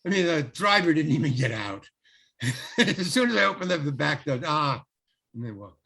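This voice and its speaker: An older man, a guest actor, telling a lively anecdote in an interview, acting out the quotes and laughing often. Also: a little high, moderate pace, gravelly, breathy edge. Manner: animated storyteller, acts out quotes, laughs often. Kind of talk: storytelling in an interview.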